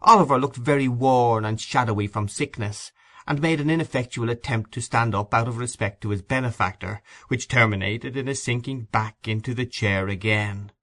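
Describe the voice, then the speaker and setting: A man narrating a classic storybook in a measured, steady way. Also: medium pitch. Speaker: audiobook reader.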